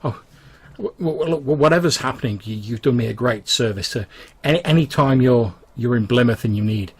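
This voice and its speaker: A man's voice: medium pitch, brisk, slightly rough. A man voicing a flustered middle-aged woman who runs a brothel, stammering and tripping over her words. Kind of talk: tabletop game character voice.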